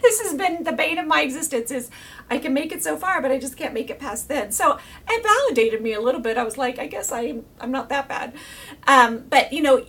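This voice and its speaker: A middle-aged woman giving a casual faith teaching to her viewers, animated, laughing often and dropping to a whisper for emphasis. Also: on the high side, far from the mic. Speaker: Christian video teacher.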